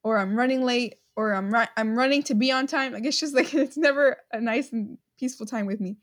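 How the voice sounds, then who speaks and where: Giggly, rambling young woman, high voice. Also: brisk. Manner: rambling, giggly, lots of fillers. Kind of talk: casual chat.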